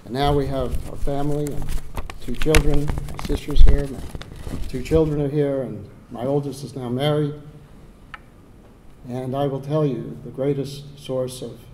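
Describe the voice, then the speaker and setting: A man's voice: mid-range voice, fairly even intonation, unhurried, dark tone, slight background noise. An older man with a Texan accent giving a heartfelt dedication speech from prepared remarks, sometimes repeating words as he restarts a phrase. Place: ceremony hall.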